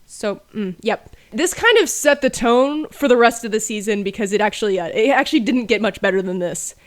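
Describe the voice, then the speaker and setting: A woman's voice: on the high side, expressive, brisk. A woman telling a casual story about her childhood with dry, self-mocking humor. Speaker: storyteller over gameplay.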